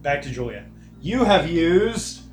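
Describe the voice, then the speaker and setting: A game master narrating and running a tabletop game in a relaxed, descriptive way. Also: medium pitch, unhurried, loud music behind the voice.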